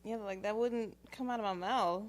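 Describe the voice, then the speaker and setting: A woman's voice: medium pitch, normal speed. A woman co-hosting a casual chat, mostly chiming in with short agreements and brief thoughts. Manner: brief supportive backchannels.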